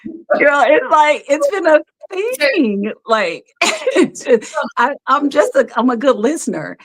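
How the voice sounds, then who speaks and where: A woman guest on a live-streamed video call, telling stories animatedly with frequent laughs and fillers. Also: high-pitched. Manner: animated storyteller, quick to laugh, many fillers. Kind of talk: casual interview over a live stream.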